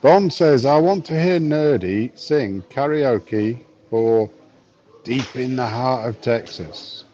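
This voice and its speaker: A man's voice: mid-range voice, slow pace, warm tone, muffled recording. A man in his fifties, live streaming from a bar on his phone, chatting wryly and reading chat messages aloud. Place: bar, drinking a pint.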